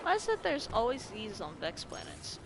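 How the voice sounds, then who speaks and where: A woman's voice: a little high, huge pitch swings, normal speed. A young woman with a slight lisp from braces, chatting casually and swearing now and then while playing a video game. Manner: chatty, swears when frustrated. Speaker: gaming streamer. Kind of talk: casual gameplay commentary. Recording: music playing behind.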